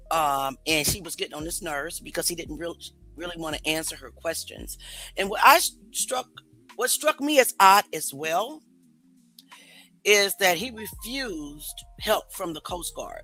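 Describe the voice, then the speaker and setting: A woman hosts a live stream with a bright voice. She talks skeptically, puts questions to her viewers and reads their comments aloud. Faint music plays behind her. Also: on the low side, poor audio. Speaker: host.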